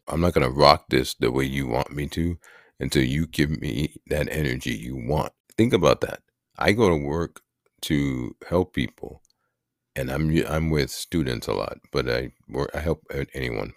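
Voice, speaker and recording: A man's voice: very deep voice, no echo, clean studio sound. A man hosting a podcast, talking through current issues in a rambling, irritated monologue with frequent restarts. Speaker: podcast host. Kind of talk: casual opinion monologue.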